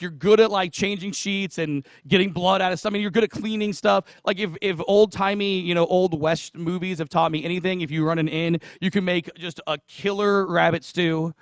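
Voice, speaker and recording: A man's voice: high voice, no room sound, clean studio sound. A man preaching a casual sermon, retelling a parable in a chatty, joking way with asides to the congregation. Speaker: pastor.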